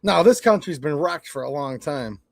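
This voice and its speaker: A man's voice: a little high, lively intonation, normal speed, vocal fry, dry recording, clean studio sound. A man from Michigan with a Michigan accent, hosting a casual livestream rant, blunt and swearing as he tells stories. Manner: blunt, swearing, storytelling with quoted exchanges. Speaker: channel host.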